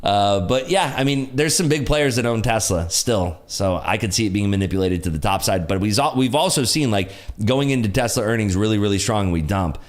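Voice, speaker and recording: Excitable male livestream host with an animated voice that swings up and down, laughs a lot, hypes up viewers' wins. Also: lowish voice, brisk, few pauses. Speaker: day trading livestream host. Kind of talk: casual live market commentary.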